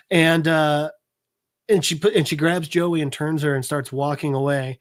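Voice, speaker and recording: A podcast co-host, a man, retelling a comic book story in loose casual chat. He talks with animated energy, swears freely and drops into the characters' voices mid-sentence. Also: fairly high pitch, fairly quick. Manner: animated, profane retelling that acts out the characters' lines.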